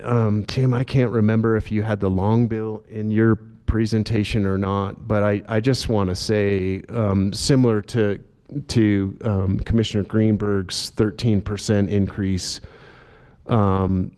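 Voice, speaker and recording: A man speaking at a public commission meeting, talking in a halting way with many fillers and restarts. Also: on the low side, clear, resonant tone. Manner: self-described monotone delivery. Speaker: agency director at a commission meeting. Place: meeting room.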